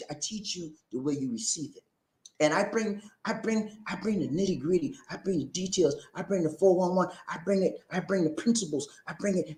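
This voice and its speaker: A man hosting a casual livestream and reading out viewer comments, talking in a preachy, animated way and often breaking into laughter and repeated phrases. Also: high voice, reverberant.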